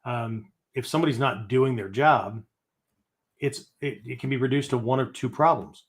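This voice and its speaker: A man's voice: mid-range voice, moderate pace. A man hosting a spoken teaching podcast, talking casually and rambling, with many fillers, frequent "right?" tags and blunt mild swearing. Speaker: podcast host teaching esoteric Buddhism.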